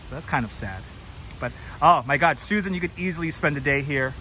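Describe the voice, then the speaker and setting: A man's voice: fairly high pitch, fairly quick, bright, forceful tone, a little hiss or hum, rough recording. A man hosting a chatty walking livestream outdoors, greeting viewers and reading signs aloud on a clip-on mic. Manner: chatty, jokey, reads sign text aloud, greets viewers. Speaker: livestream host. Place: outdoors in a forest garden. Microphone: wireless clip-on mic.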